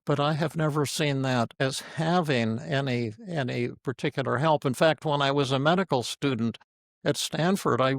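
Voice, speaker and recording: A man's voice: medium pitch, vocal fry, no echo, clean studio sound. An older man, a psychiatrist and teacher, giving an informal teaching talk full of stories, speaking bluntly and frankly.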